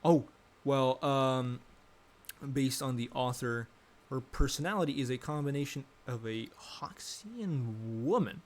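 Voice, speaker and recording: A man's voice: mid-range voice, measured pace. Rambling young man thinking aloud. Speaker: vlogger. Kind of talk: casual rambling commentary.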